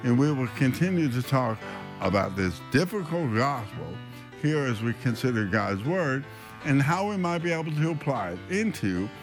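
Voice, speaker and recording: A male priest hosting a radio Bible-teaching show. His voice rises and falls a great deal as he tells the story, and he pauses to think aloud between points. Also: mid-range voice, big pitch swings, soft background music.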